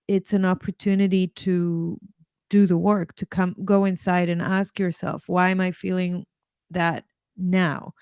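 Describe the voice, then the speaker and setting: Low, smooth-voiced woman host. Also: a little mellow, no echo, clean studio sound. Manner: thoughtful, searching phrasing with restarts. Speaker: podcast host. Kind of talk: reflective interview talk.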